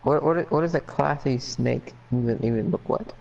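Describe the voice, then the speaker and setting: A man's voice: medium pitch, normal speed, vocal fry, darkish tone, lo-fi sound. A man hosting a gaming channel, bantering in a jokey, rambling way while playing. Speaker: channel host and gamer. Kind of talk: casual chat while gaming.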